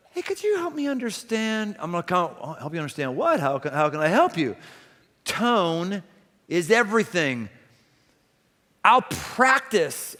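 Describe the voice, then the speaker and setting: A man preaching a sermon as pastor, emphatic and building to loud repeated exclamations in a church auditorium. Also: high voice, in a large hall.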